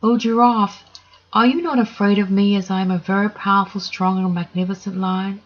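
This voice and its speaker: A woman's voice: medium pitch, steady tone, normal speed, dull audio, close to an everyday voice. A woman voicing a vain male lion king who is never satisfied, wistful and pleading.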